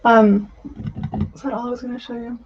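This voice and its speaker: A woman's voice: fairly high pitch, flat delivery, husky, dry recording, highs cut off. Bubbly woman hosting a crafting livestream. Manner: bubbly, chatty, quick gushing asides. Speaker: crafting channel host. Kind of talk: casual live-stream chat with demos.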